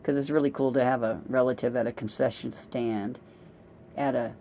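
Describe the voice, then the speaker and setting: A woman's voice: a bass voice, fairly even intonation, normal speed, warm tone, slight background noise. A middle-aged woman vlogging in a casual, rambling monologue, chatty and self-amused as she wanders from one story to the next.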